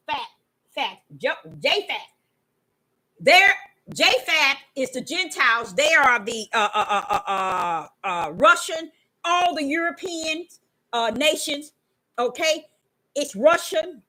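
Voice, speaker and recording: Fiery high-pitched woman preaching. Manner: fervent, swinging from hushed to shouting; rambling, with stammered restarts. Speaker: self-styled prophetess. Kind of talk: impassioned preaching monologue.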